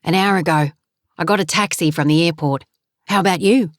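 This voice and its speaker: Arrogant middle-aged man, worried father, insistent and defensive, fairly low and dry, read by a woman narrator. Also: brisk, no echo, close to an everyday voice.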